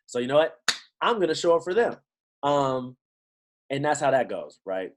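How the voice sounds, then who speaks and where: A man giving a lively pep talk to his team on a video call, full of slang and rhetorical questions. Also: medium pitch, normal speed, low-quality recording. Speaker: motivational team trainer.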